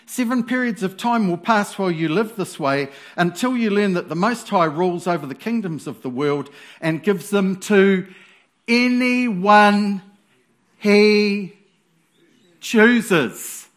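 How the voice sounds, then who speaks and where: A man's voice: sits high, slow. A man voicing the commanding voice of God calling down from heaven, solemn and proclaiming.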